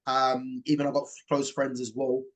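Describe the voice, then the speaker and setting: A man's voice: medium pitch, monotone, moderate pace. A man hosting a casual football chat, talking in an emphatic, opinionated way. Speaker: host.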